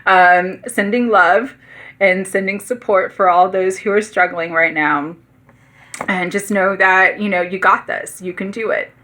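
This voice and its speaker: A woman's voice: medium pitch, steady tone, measured pace, pushed and bright, a little hiss or hum. A woman giving a heartfelt spiritual talk, emotional and close to tears, earnest and encouraging. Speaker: spiritual teacher.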